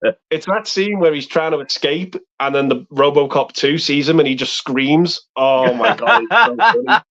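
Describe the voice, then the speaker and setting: A man's voice: on the high side, expressive, normal speed, a bit bright. A man chatting casually about films on a live stream, rambling and swearing, acting out movie lines. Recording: muffled lo-fi stream audio.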